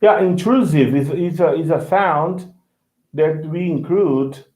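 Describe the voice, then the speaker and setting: A man with a fairly high, somewhat dark voice speaks slowly while teaching English in an online lesson. He restarts his explanations often and checks that he's being understood. The call audio sounds echoey and tinny.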